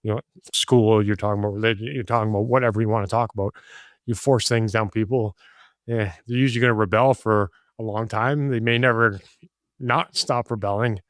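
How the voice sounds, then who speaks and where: A man's voice: on the low side, fairly even intonation, fairly quick, dry recording, clean studio sound. A middle-aged father talking as a guest, rambling earnestly with many restarts. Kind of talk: casual conversation.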